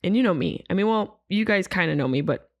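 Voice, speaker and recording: A woman hosting a podcast, her voice worn and hoarse, chatting in a rambling, self-deprecating way. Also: mid-range voice, expressive, fast, no echo. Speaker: podcast host. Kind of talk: casual podcast intro.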